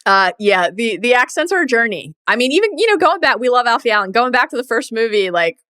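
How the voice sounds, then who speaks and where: A woman co-hosting a podcast, talking through films in a playful, animated way. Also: on the high side, fast talker, dry recording, clean studio sound. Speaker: podcast co-host. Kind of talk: casual film discussion.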